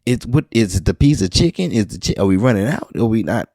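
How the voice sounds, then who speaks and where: A man's voice: fairly low pitch, lively intonation, quick pace, dark tone, no room sound, clean studio sound. A man from New Orleans hosting a podcast, rambling through a casual solo monologue with wry, profane asides. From New Orleans, Louisiana. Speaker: podcast host.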